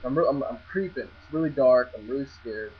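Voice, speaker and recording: A man's voice: medium pitch, a little fast. A young man casually telling a story, stammering, restarting and swearing freely as he goes. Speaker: vlogger. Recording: dull lo-fi recording with faint mains hum.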